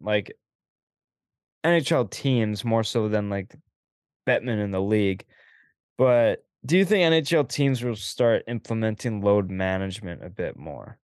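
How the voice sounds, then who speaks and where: A man's voice: medium pitch, darkish tone, dry recording, studio quality. A man hosting a sports podcast, laid-back, putting questions to his guests. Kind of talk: casual sports chat.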